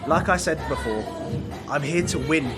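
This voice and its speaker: A man's voice: fairly high pitch, lively intonation, normal speed, over loud music, over a noisy crowd. A young man talking to camera in a casual gym vlog, fired-up and blunt, swearing freely. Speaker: bodybuilder vlogger.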